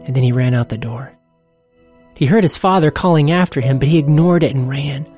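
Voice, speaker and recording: An earnest storyteller reading a scripted story in a steady, even voice of middle pitch. Soft music plays faintly behind the reading. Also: fairly quick. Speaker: narrator.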